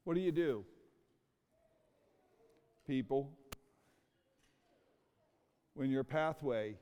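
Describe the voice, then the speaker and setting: A middle-aged man preaching a sermon in a church, emotional and full of rhetorical questions with dramatic pauses. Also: medium pitch, warm tone, clear, resonant tone, muffled recording. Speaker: pastor. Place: church sanctuary. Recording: long reverb of a large hall.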